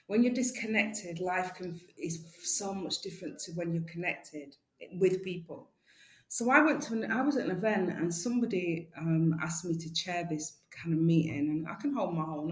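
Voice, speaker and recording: A woman guest telling lively stories in a casual interview. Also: on the low side. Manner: lively, animated storyteller. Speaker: guest, community organiser. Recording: echoey room, faint background noise.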